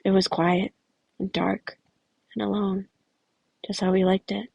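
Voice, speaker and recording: A woman's voice: mid-range voice, flat delivery, a little slow, gravelly, a little mellow, breathy edge, dry recording, lo-fi sound. A woman casually reading fan fiction aloud as a podfic, often correcting herself and adding chatty asides. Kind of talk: podfic narration.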